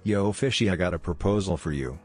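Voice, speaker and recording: A man's voice: sits low, brisk, slightly rough, soft background music. A man voicing a brash, cocky teenage boy ninja in a read-aloud fan story, with a teasing manner.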